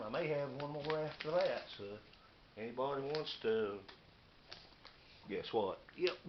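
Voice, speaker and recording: A man, rambling casually and hurrying through his unboxing vlog. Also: mid-range voice. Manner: folksy, rambling, hurried. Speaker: YouTuber showing knives and meal kits. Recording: muffled lo-fi camera audio with noise.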